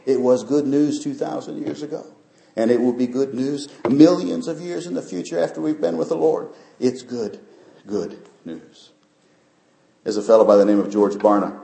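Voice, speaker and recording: A man's voice: medium pitch, expressive, normal speed, vocal fry, warm tone, a little hiss or hum. A man preaching a sermon as pastor, talking earnestly and building up to emphatic peaks. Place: church sanctuary. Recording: echoey church sanctuary.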